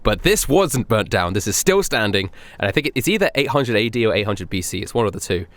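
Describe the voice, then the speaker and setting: A young man from Europe chats casually as a podcast co-host, telling rambling travel stories and acting out the people in them. His voice sits a bit low, and the close studio mic keeps it dry. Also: sing-song, fast talker, fairly bright tone, no echo. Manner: rambling anecdotes, laughing, acting out other people's lines. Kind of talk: casual chat.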